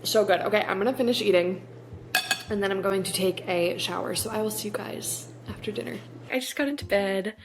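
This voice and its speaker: A woman's voice: mid-range voice, a little fast, noisy background. A young woman chatting casually to the camera in a home vlog, bubbly and full of "like". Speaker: vlogger. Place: at home, kitchen and bedroom.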